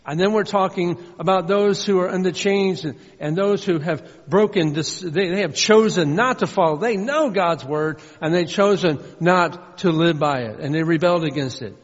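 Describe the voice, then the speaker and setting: Male preacher, somewhat high voice, earnest sermon delivery, muffled recording with long hall reverb. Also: moderate pace, hardly any pauses. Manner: earnest, swings between loud emphasis and soft low asides.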